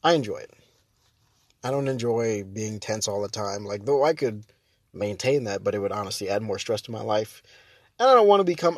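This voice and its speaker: A man's voice: on the low side, animated, fairly quick, no room sound. Rambling man, dry close podcast sound. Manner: rambling, self-interrupting, laughs often. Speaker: podcast host. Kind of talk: casual solo podcast chat.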